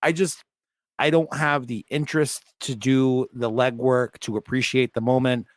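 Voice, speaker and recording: A man co-hosts a casual podcast, ranting bluntly and swearing freely. His voice sits at a middling pitch. The sound is dry and close. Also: fairly even intonation, moderate pace, no room sound. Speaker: podcast co-host. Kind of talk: casual chat.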